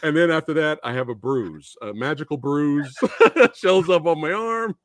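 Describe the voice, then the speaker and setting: A man hosting a casual film discussion podcast, getting emotional and halting, laughing between words. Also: fairly high pitch, fairly bright tone, no echo, studio quality. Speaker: podcast host.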